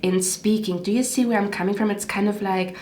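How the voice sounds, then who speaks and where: A woman's voice: mid-range voice, fairly even intonation, a little fast, darkish tone, echoey room, a little hiss or hum. A woman giving a casual tarot reading, chatty and rambling, checking in often with the listener. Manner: chatty, lots of "okay?" and "like". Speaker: tarot reader.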